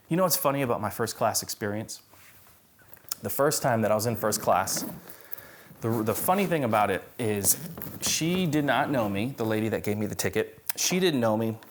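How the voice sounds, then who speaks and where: Lebhafter Prediger, Mann, Gemeindegottesdienst. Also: male voice, mid-range voice, moderate pace. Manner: conversational, animated preaching with humor. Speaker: pastor. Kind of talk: sermon.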